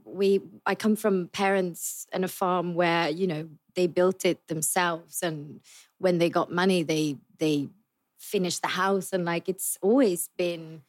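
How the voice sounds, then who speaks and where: A woman from Sweden who speaks well-spoken English with a slight Swedish twang and Swedish as her first language, chatting as a podcast guest, easygoing and quick to laugh. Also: fairly low pitch, fairly even intonation. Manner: warm, quick to laugh, agreeable. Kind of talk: casual chat.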